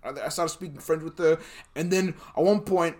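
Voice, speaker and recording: A man's voice: on the high side, moderate pace, a little mellow. A young man, co-hosting a casual podcast chat, rambling through stories, laughing often and swearing freely. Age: young adult. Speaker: podcast co-host.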